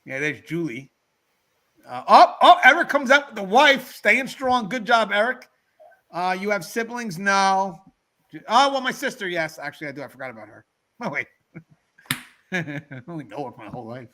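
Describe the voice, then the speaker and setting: A middle-aged man hosting a livestreamed talk show, chatting casually and telling a story to his viewers in an animated way. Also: high voice, moderate pace. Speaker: podcast host. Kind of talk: casual storytelling to a live chat.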